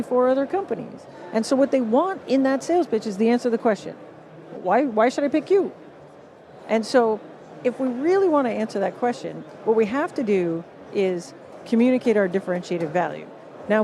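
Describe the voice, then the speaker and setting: A woman with a Canadian accent, a guest on a live podcast at a conference stage, explaining with lively acted-out quotes. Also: on the high side, a little hiss or hum. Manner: animated, acts out what others say. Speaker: guest author.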